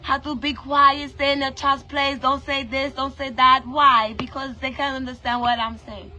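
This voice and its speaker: Speaking at a moderate pace, this Brooklyn vlogger has a high, sharp voice with little pitch movement. Her Trinidadian-influenced accent carries an impassioned, profane direct-to-camera rant full of pointed rhetorical questions.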